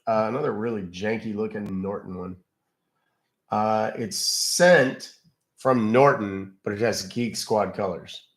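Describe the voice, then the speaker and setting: A man's voice: on the low side, unhurried, gravelly. A man hosting a live stream, chatting casually in a folksy, rambling way with plenty of "uh"s and mild exclamations. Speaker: live-stream host baiting scam callers.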